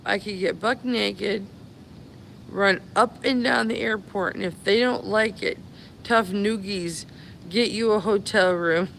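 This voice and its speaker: On a casual phone live stream from an airport, where she's stranded after a cancelled flight, this woman chats fondly with viewers, calling them honey and babies. Her mid-range voice is slow with vocal fry, and the poor audio carries slight background noise.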